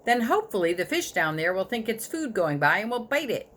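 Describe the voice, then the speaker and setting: A woman reading a storybook aloud, voicing a patient father who calmly explains fishing to his son. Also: mid-range voice, a little fast, voice pushed up. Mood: patient, explaining. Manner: calm, explaining, playful. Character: patient, teasing fisherman dad.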